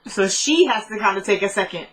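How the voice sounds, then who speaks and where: A woman's voice: mid-range voice, expressive, brisk, rough recording. A woman vlogger chatting to her viewers as she retells the scenes of a TV drama and acts out the characters' lines. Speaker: vlogger recapping a TV drama episode. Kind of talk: casual chat retelling scenes.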